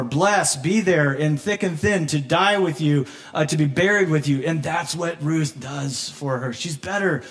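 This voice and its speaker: A man preaching a sermon as pastor, conversational and animated, laughing often and acting out quoted voices, moved close to tears at times. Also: a little high. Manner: emotional, near tears at moments.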